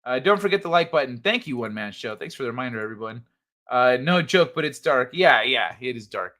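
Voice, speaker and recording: A man's voice: medium pitch, animated, brisk, bright, forceful tone. A man hosting a casual late-night livestream, laid-back and chuckling as he reads the chat aloud. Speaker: livestream host.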